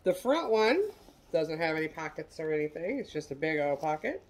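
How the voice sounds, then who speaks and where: A middle-aged American woman with a low, very animated voice shows off handbags she's reselling online, speaking at a moderate pace. Her casual show-and-tell is folksy and self-deprecating.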